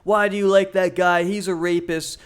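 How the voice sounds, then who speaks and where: A man mimicking a shrill, indignant young woman. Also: flat delivery, moderate pace, clear, resonant tone, close to an everyday voice. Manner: mocking, exaggerated outrage.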